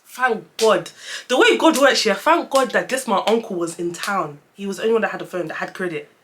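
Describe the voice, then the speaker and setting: A young woman tells a story-time vlog, chatty and animated, often calling her viewers "guys". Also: mid-range voice, a little fast, slight background noise. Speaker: vlogger.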